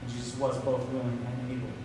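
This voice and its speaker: A man's voice: monotone, fast. Man preaching in an echoey hall. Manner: storytelling preacher, voicing quoted lines with rising pitch. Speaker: pastor. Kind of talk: sermon. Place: church sanctuary. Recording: echoey hall from far off with noise.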